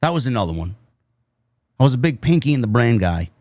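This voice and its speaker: A man's voice: medium pitch, big pitch swings, brisk, a little mellow, no room sound. A man reviewing a wrestling show in a casual, rambling way, swearing freely and drifting into tangents. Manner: profane, nostalgic, tangent-prone.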